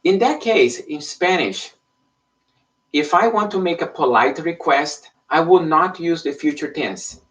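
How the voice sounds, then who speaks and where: Slow-paced male teacher, distant mic. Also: a little high, expressive, fairly bright tone. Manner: explanatory, checks in with frequent "okay?". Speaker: Spanish teacher. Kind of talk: online language lesson. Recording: voice somewhat far from the mic.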